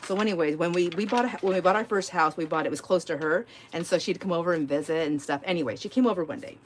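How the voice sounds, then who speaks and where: A woman's voice: lowish voice, fast, a little hiss or hum. A middle-aged woman hosting a live crafting stream from home, chatting casually and telling a rambling story full of fillers and giggles. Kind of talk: casual chat while crafting.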